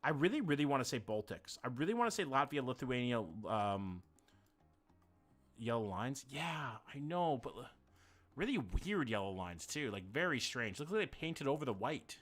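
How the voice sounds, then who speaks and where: A man's voice: mid-range voice, big pitch swings, normal speed, fairly bright tone. Chatty male streamer thinking aloud. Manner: chatty, thinks aloud, swears, greets viewers. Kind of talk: casual live-stream chat while playing.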